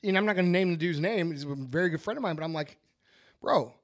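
A man who hosts a podcast and owns a business talks bluntly and emphatically in casual podcast chat, swearing a lot. His voice is a little high and very fast.

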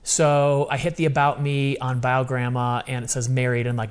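A man in his fifties tells a personal story in a smooth, medium-pitched voice at normal speed. Casual yet earnest and animated, he often acts out and quotes what he himself said.

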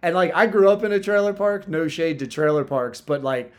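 A man's voice: a little high, a little fast. A man in casual chat, telling a story in a laid-back way, swearing often and leaning on "like" and "dude".

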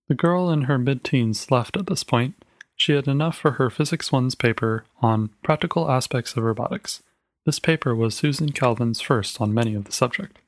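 A man narrating a short story in a measured, clear reading. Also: medium pitch, dry recording.

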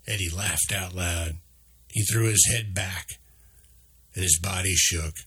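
A man narrating a children's adventure story in a steady reading voice. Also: husky. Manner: slow, steady, deep reading.

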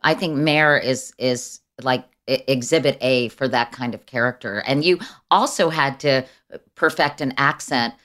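Female interview host, very low voice, eager, halting delivery. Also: fairly bright tone. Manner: enthusiastic, stumbling over her words. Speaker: talk show host. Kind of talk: casual interview chat.

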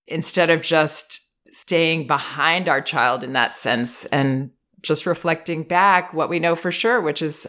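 A woman host giving parenting advice in a calm, measured, reassuring way. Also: deep voice. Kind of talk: advice consultation.

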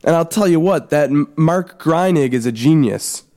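A man co-hosting a comedy podcast, excitable and jokey, with sudden high exclamations. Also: moderate pace. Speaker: podcast co-host. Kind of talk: casual comedic chat.

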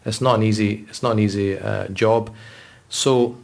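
A man's voice: lowish voice, steady tone, moderate pace, creaky, a little mellow. A man, a religious scholar, talking earnestly in a podcast conversation, telling stories with frequent restarts. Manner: earnest, storytelling, with repeated restarts.

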